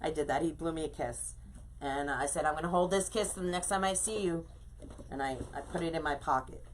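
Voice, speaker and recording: A woman's voice: low voice, a little fast. A middle-aged woman hosting a casual craft live stream, chatting effusively and greeting viewers by name as she works.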